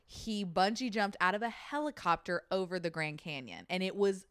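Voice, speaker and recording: A young woman co-hosting a podcast in casual chat, animated and swearing, often laughing as she tells stories. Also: fairly low pitch, normal speed, clean tone, dry recording, studio quality. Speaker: podcast co-host.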